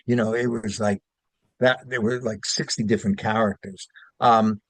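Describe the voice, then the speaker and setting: A man's voice: fairly low pitch, fairly even intonation, normal speed, dry recording. An older man from Brooklyn, chatting as an interview guest and rambling through anecdotes with fillers and restarts. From Brooklyn, New York. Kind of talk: casual interview chat.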